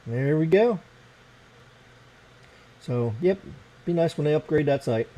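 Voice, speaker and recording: A man's voice: fairly high pitch, expressive, slow, warm tone, poor audio. An American man hosting a casual late-night livestream, rambling and swearing as he fiddles with his computer. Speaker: livestream host.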